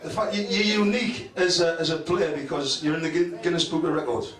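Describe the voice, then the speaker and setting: A man's voice: a little high, fairly even intonation, brisk. Joking male host over a noisy crowd. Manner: joking, profane, plugs and asides. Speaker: host, interviewer. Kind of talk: live on-stage interview. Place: function room with a live audience. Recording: echoey room, far mic, crowd noise.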